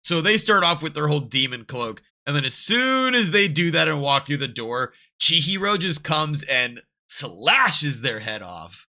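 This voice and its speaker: A man hosting a casual manga reaction, reading aloud, who gets excited and swears freely. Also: fairly high pitch, measured pace, hardly any pauses. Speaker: reaction host.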